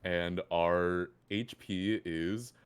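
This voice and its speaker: Deep-voiced man, rambling and laughing. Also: steady tone, very slow, smooth. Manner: rambling, self-deprecating, laughs a lot. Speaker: player. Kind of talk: playing a tabletop game.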